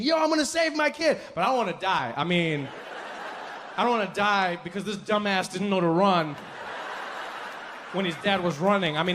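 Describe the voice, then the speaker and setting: A male stand-up comedian performs on a comedy stage with a fairly high, very animated voice that swings up and down as he acts out his story. He speaks into a handheld mic, and a faint hum sits in the background. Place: comedy stage before a live audience.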